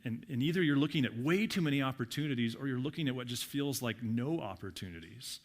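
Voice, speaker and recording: Male pastor, middle-aged, mid-pitched, casual sermon delivery with restarts, church sanctuary. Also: a bit bright. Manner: conversational, repeats words when starting sentences.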